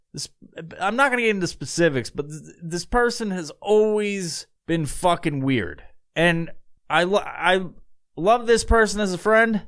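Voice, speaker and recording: A man's voice: on the high side, a bit bright. Rambling, profane podcast man. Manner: rambling, profane, laughs often. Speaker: podcast host. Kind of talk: casual monologue.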